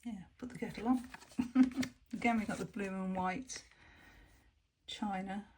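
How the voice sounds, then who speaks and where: Woman, unhurried, soft half-whispered musing over an unboxing, faint background hiss. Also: medium pitch. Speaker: tarot deck reviewer. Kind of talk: casual unboxing commentary.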